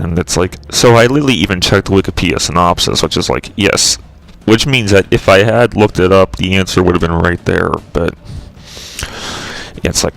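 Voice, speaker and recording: A man's voice: sits low, gravelly, poor audio. A man hosting his own channel, talking in a rambling, exasperated way with frequent swearing. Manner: rambling, profane, exasperated ranting. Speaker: channel host. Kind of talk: casual rambling video commentary.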